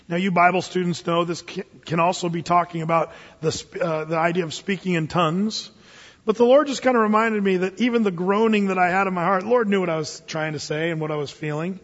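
High-voiced pastor preaching in a hall. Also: male voice, fast talker. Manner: conversational storytelling, animated with frequent restarts. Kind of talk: sermon. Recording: long hall reverb, dull lo-fi sound.

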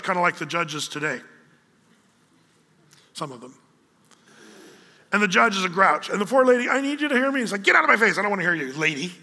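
A male pastor delivers a sermon in a lively storytelling manner, slipping into the voices of his characters. His voice sits high and very bright. A long hall reverb trails each phrase. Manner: animated storyteller acting out voices.

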